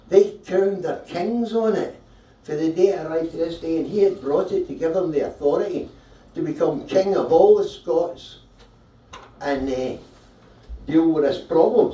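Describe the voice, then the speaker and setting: A man's voice: on the high side, moderate pace, dark tone, close to an everyday voice. A man playing a boastful ancient chieftain who tells a grand, long-winded tale, at a live comedy show. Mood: grandiose. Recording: roomy, distant mic at a live show.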